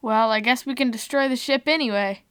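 Woman doing a bored enemy pilot woman, smooth clear voice, dry close sound. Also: medium pitch, steady tone, moderate pace, no room sound, close to an everyday voice. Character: bored young female fighter pilot, trigger-happy.

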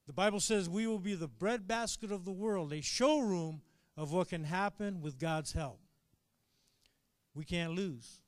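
A man preaching a sermon to his congregation, animated, calling out for amens and swinging between quiet asides and shouted high points. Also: measured pace, dry recording. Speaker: pastor.

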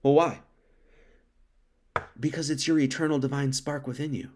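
A man's voice: medium pitch, steady tone, moderate pace, darkish tone, slight background noise. A man giving an informal sermon, talking casually, reading scripture and acting out quotes, with many restarts. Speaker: preacher.

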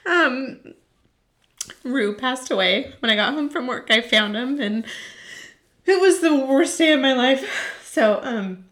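A woman's voice: high-pitched, expressive, slow, long pauses, fairly bright tone, echoey room. A woman co-hosting a casual podcast, talking emotionally and laughing through her words. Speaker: podcast co-host. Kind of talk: casual chat.

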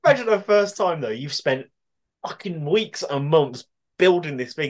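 A man co-hosting a podcast in relaxed, sweary casual chat, laughing along. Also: fairly high pitch, normal speed. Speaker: podcast co-host.

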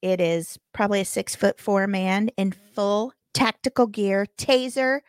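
A woman in her forties, co-hosting a podcast, telling a story in a lively way with laughs and acted-out dialogue. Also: mid-range voice, measured pace, clean tone, no echo, clean studio sound. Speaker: podcast co-host. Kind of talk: casual chat, animated storytelling.

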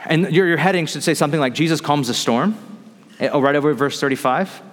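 A man preaching a sermon, retelling a scripture story in animated fashion and acting out the characters' lines. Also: on the high side, fast talker, in a large hall. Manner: animated storytelling, acts out dialogue. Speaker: pastor.

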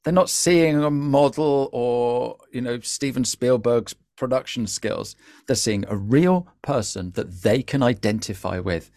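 Animated guy on a podcast, mid voice, dry mic, trips over his words when excited. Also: medium pitch, measured pace, dry recording. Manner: animated, lively, stumbling restarts. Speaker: podcast guest, LinkedIn trainer. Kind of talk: casual conversational interview.

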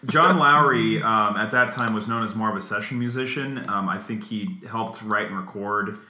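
A man's voice: on the low side, moderate pace, sharp tone, echoey room. A man hosting a casual music podcast, talking with many ums and restarts. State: chewing while talking. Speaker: podcast host.

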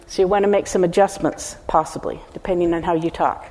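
A woman's voice: lowish voice, fairly even intonation, brisk, darkish tone. An older woman teaching a sermon, earnest and emphatic, speaking straight to her listeners. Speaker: preacher. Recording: long hall reverb.

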